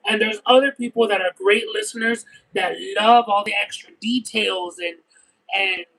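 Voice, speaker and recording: High, bright-voiced man telling a story. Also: moderate pace, low-quality recording. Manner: expressive, detailed rambling storyteller. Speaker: livestream host eating and reading chat. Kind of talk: casual chat and storytelling.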